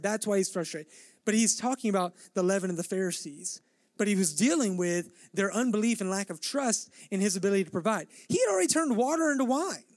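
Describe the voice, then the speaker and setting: A man's voice: high-pitched, expressive, moderate pace, dry recording, studio quality. A male pastor preaching a midweek sermon, earnest and building in intensity, acting out the dialogue of scripture scenes.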